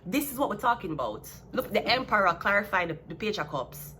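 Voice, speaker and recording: A Jamaican woman in a casual tarot reading, talking in a blunt, sassy way with an average-pitched voice. A faint hum of ambience sits behind her. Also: sing-song, fairly quick, sharp tone. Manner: blunt, sassy, laughs at her own jabs. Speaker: tarot reader.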